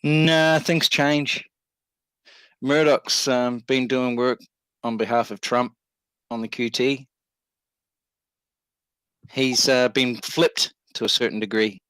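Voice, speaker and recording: A laid-back man co-hosting a casual talk show, middle-pitched and unhurried. His voice is recorded close and dry, with no room echo. He reassures easily and leans on lots of ums and uhs. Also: fairly even intonation, fairly bright tone, clear, resonant tone.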